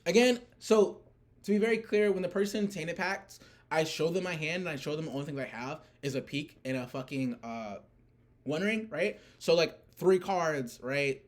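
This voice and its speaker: A young man casually rants about a card tournament he played in, rambling with lots of fillers and swearing. His voice is fairly high and his speed normal.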